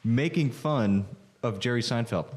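A man's voice: medium pitch, unhurried, darkish tone. Man with dry, offhand humor. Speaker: podcast co-host. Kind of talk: casual podcast banter.

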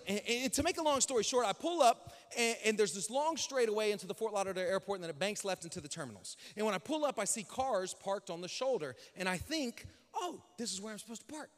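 Animated high-voiced male preacher. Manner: animated, acts out dialogue with shouts. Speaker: pastor. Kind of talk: storytelling sermon. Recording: long hall reverb.

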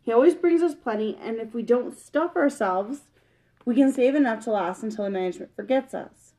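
Woman voicing young boy mouse, earnest, self-assured, storybook, slightly high voice. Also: expressive, fairly quick, dark tone, lightly acted, rough recording. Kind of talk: storybook reading.

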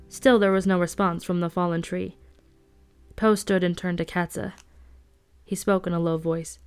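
Low-voiced woman reading a novel. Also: fairly even intonation, moderate pace, clean tone, faint music behind. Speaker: audiobook reader.

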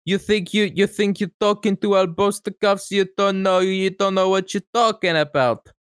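A man's voice: high-pitched, steady tone, moderate pace, clear, resonant tone, no room sound, clean studio sound, close to an everyday voice. Man putting on a swaggering mobster voice. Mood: menacing. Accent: put-on Italian mobster. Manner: threatening, swaggering. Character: menacing male mobster, threatening.

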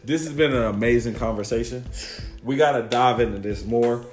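A man's voice: medium pitch, a little fast, echoey room, faint music behind. A man talking reflectively on a podcast, earnest, repeating key phrases for emphasis. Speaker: podcast guest interviewer.

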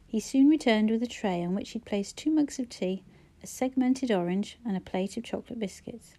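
A woman narrating a novel as an audiobook reader, in measured, even storytelling. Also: fairly high pitch. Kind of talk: scripted narration.

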